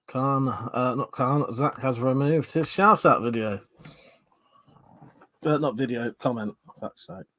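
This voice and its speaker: A man's voice: mid-range voice, a little slow, fairly bright tone, no room sound. Sweary Southern English man hosting a stream. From Southern England. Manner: swears freely, banters and reads viewer comments aloud. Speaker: live stream host. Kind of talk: casual live stream chat.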